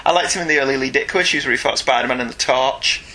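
This podcast co-host is a man with a medium-pitched, sharp voice who talks very fast. In a casual chat he reads out listener emails and jokes about them, staying chatty and self-deprecating and laughing often.

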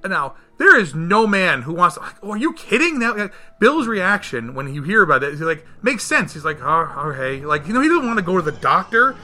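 Man, very bright voice, higher pitch, lively film recap chat, faint music underneath. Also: brisk, few pauses. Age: adult, married. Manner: animated, acts out quotes with big jumps in pitch. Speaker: podcast co-host reviewing a film. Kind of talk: casual chat.

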